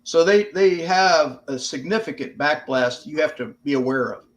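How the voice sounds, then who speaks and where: A man's voice: on the high side, animated, moderate pace. An older American man, a veteran guest on an interview podcast, telling stories in a plainspoken, casual way with some swearing. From United States.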